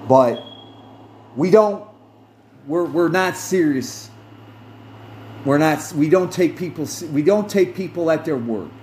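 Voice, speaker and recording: A middle-aged man speaks slowly and deliberately, his fairly high voice rising and falling a great deal. He tells a personal story with earnest emphasis, repeating phrases to drive a point home. A faint air-conditioner hum sits behind him. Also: lively intonation, a little mellow. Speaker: podcast host.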